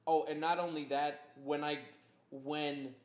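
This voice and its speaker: A man's voice: on the high side, little pitch movement, a little slow. A young man hosting a casual podcast, ranting in a heated, profane, rambling way. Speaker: podcast host.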